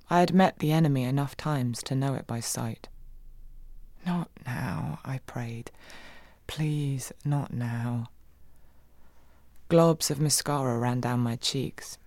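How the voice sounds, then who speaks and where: A woman reading a first-person audiobook in a wry, expressive way, swinging between giddy and hushed. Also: very deep voice, creaky, no echo. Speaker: audiobook narrator.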